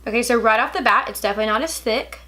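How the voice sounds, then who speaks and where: Hiccuping young woman vlogger, gushing and chatty, a little high-pitched. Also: very fast, pushed and bright. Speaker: beauty vlogger. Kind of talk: casual product review.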